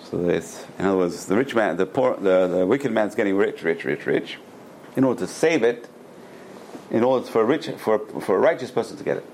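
A middle-aged man teaching a Torah lecture as a rabbi, an animated storyteller who repeats words for emphasis and drops in Hebrew terms. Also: on the low side, fairly quick, a little hiss or hum. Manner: peppers speech with Hebrew terms.

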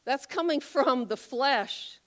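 A woman preaching a sermon, telling a Bible story with animated, acted-out voices. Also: high voice, takes it slowly. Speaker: pastor.

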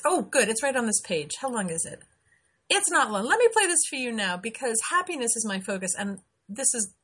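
A middle-aged woman hosting her own show, chatting casually and rambling with frequent pauses and laughs. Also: mid-range voice, fairly bright tone, husky. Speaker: show host. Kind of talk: casual live-stream chat.

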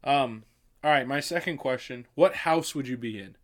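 A man's voice: mid-range voice, normal speed. A man hosting a faith-based movie podcast, bantering and joking with his co-host in casual chat.

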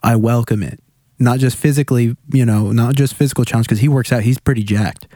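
A young man in casual chat, talking candidly and haltingly about himself. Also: medium pitch, fairly even intonation, warm tone.

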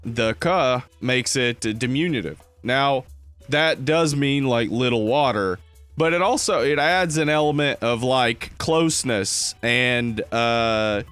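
Young guy on a podcast, chill and jokey, mid pitch, little bit of music under it. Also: slow pace, clear, resonant tone. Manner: relaxed, joking storyteller, slips into a mock Russian voice for laughs. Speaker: podcast co-host. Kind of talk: casual chat. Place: Los Angeles.

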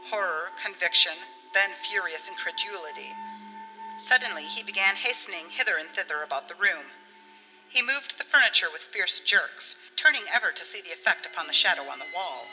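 A woman narrating an audiobook story in an expressive way, acting out the dialogue. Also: lowish voice, normal speed. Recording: long reverb with faint music.

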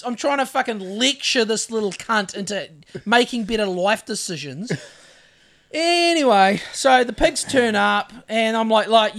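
A New man tells a story in a high-pitched voice, swearing constantly as he acts out his side of a confrontation. He is a podcast co-host still recovering from covid, and his delivery is loud and lively. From New Zealand. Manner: profane, animated storyteller acting out his own lines. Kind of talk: casual storytelling chat.

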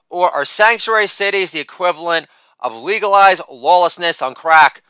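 A man's voice: high-pitched, moderate pace, smooth, no room sound. A middle-aged man reading his own satirical rant in a profane, sardonic way. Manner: profane and sardonic, with a shouted catchphrase.

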